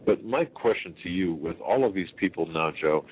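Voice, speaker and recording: A man with an extremely low, rumbling voice hosts a talk radio show, talking emphatically and circling back on himself with rhetorical questions. The sound is thin and phone-like, with a faint hiss underneath. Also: lively intonation, moderate pace.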